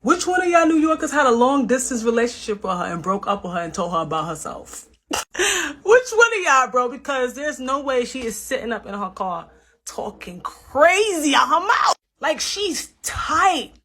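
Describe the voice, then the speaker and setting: Animated, high-ish New woman host, sassy roast commentary. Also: moderate pace. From New York, US. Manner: teasing, sassy, laughs between jabs. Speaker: reaction video host.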